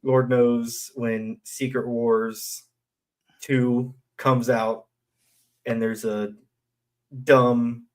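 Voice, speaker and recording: A man's voice: mid-range voice, little pitch movement, extremely slow, pauses often. A man co-hosting a podcast, chatting about a movie with wry humor. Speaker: podcast co-host. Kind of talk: casual movie discussion.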